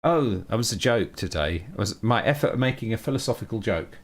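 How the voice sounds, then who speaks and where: A man chatting with his viewers on a live stream as he works, drifting into musings and wordplay. His pitch rises and falls a lot as he talks. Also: expressive, a little fast. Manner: musing, wordplay-loving, talks to chat by name. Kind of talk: casual live-stream chat while coding.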